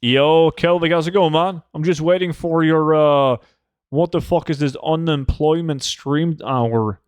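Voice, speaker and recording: With a fairly high, clear, resonant voice and fairly even intonation, he talks at a measured pace into a desk mic. He's live streaming, joking and laid-back, swearing often as he responds to chat. There is no room sound.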